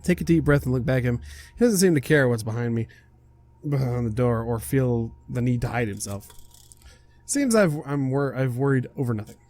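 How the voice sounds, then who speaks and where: A man's voice: medium pitch, expressive, normal speed, a little mellow. A young man casually reading a visual novel aloud, stumbling and correcting himself as he goes. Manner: casual, stumbles over words, laughs and self-corrects. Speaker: game streamer reading aloud.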